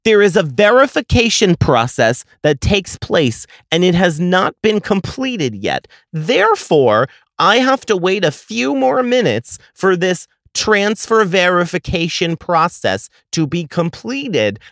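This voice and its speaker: A man hosting a podcast, telling a story as an exasperated, profane rant that swings from low muttering to loud outbursts. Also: sing-song, unhurried, hardly any pauses, no echo, clean studio sound. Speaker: podcast host. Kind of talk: ranting storytelling.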